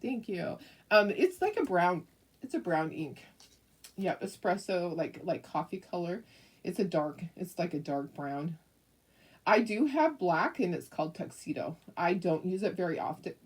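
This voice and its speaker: A woman's voice: lowish voice, sing-song, measured pace, slightly rough, distant mic. A middle-aged woman hosting a casual live craft tutorial, chatty and rambling, with lots of fillers and frequent laughs. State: hiccups.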